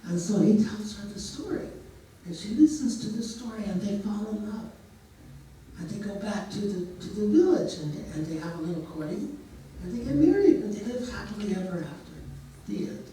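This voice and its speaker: A man's voice: high-pitched, lively intonation, fairly quick, dark tone, heavy reverb, distant mic, slight background noise, poor audio. A man telling a story in a casual way, now and then putting on voices for the characters. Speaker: storyteller and therapist.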